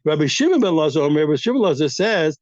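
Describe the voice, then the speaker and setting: A man teaching a daily Talmud class, animated and repeating phrases as he thinks aloud, on a dull lo-fi recording. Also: a little high, fast talker, no room sound.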